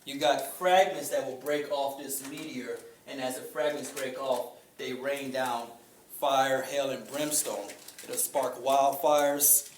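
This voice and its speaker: A man giving an informal talk to a group, conversational, pausing often with fillers. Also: medium pitch, steady tone. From Chicago. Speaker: speaker. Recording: echoey room with faint ambient noise.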